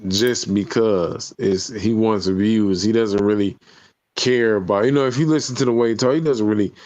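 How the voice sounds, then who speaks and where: A man's voice: lowish voice, normal speed, darkish tone, dry recording. A man in casual chat, laid-back and slangy, with lots of fillers.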